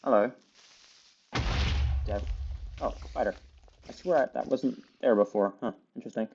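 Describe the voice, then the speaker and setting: A man's voice: mid-range voice, normal speed, creaky, dull audio, noisy background. A man giving casual, chatty play-by-play commentary while he plays a video game, rambling with lots of fillers. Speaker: gaming video creator.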